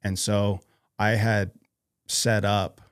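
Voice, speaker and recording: A man from North Idaho, a podcast guest talking casually in a halting way, with many fillers and restarts. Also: fairly low pitch, flat delivery, clean tone, dry recording, studio quality. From North Idaho, USA. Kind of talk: casual interview conversation.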